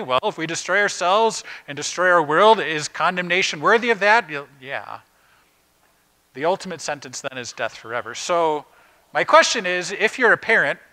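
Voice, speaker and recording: A man's voice: fairly high pitch, sharp tone, rough recording. A man preaching a conversational sermon as pastor, posing rhetorical questions to the congregation in plain everyday words with frequent "uh" fillers.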